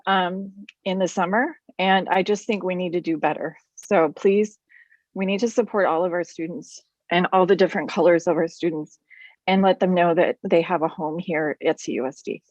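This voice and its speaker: Woman, parent commenter, lowish voice, hesitant and earnest, muffled dry recording. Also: fairly even intonation, moderate pace, a little mellow, dry recording. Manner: earnest, hesitant with many ums. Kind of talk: public comment.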